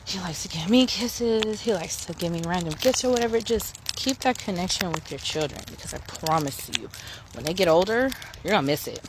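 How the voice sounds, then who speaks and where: A woman's voice: fairly low pitch, expressive, a little fast. A woman in her thirties talking frankly and emphatically to camera while out on a morning walk, swearing freely. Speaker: vlogger. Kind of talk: casual rant to camera. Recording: noisy outdoor phone recording.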